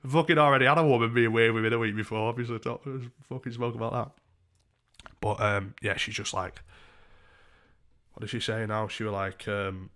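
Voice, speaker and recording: A young man in his twenties, telling a story on a stream in a sweary, rambling, animated way. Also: medium pitch, moderate pace, pauses often. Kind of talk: casual storytelling.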